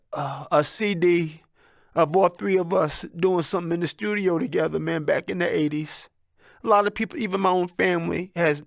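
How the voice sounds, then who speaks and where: A man in his sixties speaks to his viewers in a candid, rambling monologue. His voice is gravelly and has a clear fry in it, and he is blunt and reflective. The recording is close and dry. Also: on the high side, fairly bright tone, no echo. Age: 60s. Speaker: vlogger.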